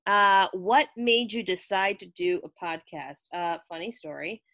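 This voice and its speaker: A woman's voice: medium pitch, measured pace. A woman with a Rhode Island accent, co-hosting a podcast and telling stories in casual chat. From Cranston, Rhode Island. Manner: storytelling, animated asides. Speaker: podcast co-host.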